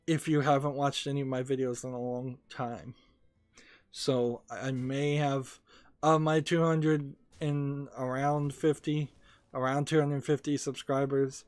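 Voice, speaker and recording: A man's voice: mid-range voice, dry recording. A man casually talking over his gaming video as a small YouTube creator, rambling and hesitant with many fillers, a little sleepy.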